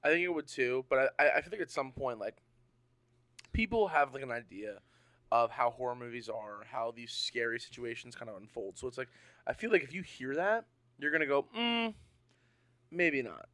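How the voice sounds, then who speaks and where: Mid-pitched guy on a podcast, gets spooked easy, stumbles over words, dry close mic. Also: a little fast, no room sound. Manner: excitable, easily spooked, stammers when nervous. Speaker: podcast co-host. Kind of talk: casual chat.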